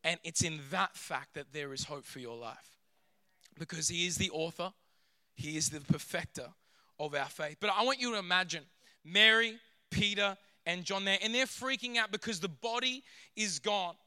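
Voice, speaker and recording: A man preaching a sermon in an animated way, sometimes acting out voices from the story. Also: high voice, moderate pace, no room sound. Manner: animated, acts out scenes in character voices.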